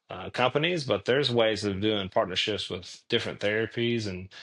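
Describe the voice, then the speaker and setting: A man guesting on an interview show, telling stories in an earnest, animated way and often restarting his sentences. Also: fairly low pitch. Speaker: guest, clothing tech founder. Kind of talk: casual interview storytelling.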